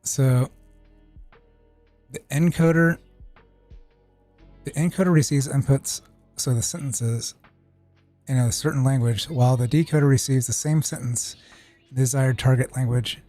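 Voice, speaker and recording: A man's voice: medium pitch, a little slow, long pauses, warm tone, soft background music. A man streaming, reading a technical tutorial aloud and breaking off for casual, profane asides. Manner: reads text aloud with casual asides and swearing.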